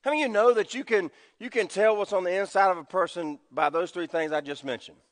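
A man preaching a sermon as pastor, swinging from loud emphasis to hushed low tones. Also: fairly even intonation, brisk, long reverb tail. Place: church sanctuary.

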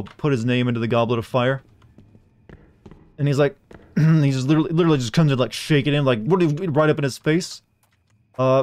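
A man's voice: mid-range voice, darkish tone, no echo. A man streaming a game, chatting in a rambling way and reading in-game notes aloud. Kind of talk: casual game-stream chat.

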